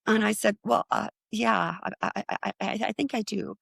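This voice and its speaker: A middle-aged woman tells her story as a podcast guest, slipping into other people's voices as she quotes them. Her voice carries a gravelly fry, and it sounds close and dry with no room around it. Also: medium pitch, normal speed, dry recording. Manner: animated anecdote-telling with acted-out quotes. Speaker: guest, psychic medium.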